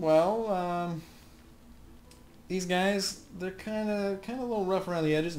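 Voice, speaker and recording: A man hosting a let's play, his voice sitting a little high for a man, joking and rambling with plenty of fillers. Faint ambient sound runs underneath. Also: unhurried, long pauses, darkish tone, slight background noise. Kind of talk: casual gameplay commentary.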